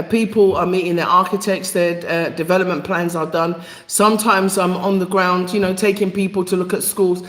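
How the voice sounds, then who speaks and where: On a live vlog recorded in an echoey, long-reverb room, an English woman with a Jamaican-tinged British accent speaks in a mid-range, slightly bright voice. She works as a vlogger and repatriation helper, and her casual talk is blunt, plain, playfully outspoken, and packed with fillers.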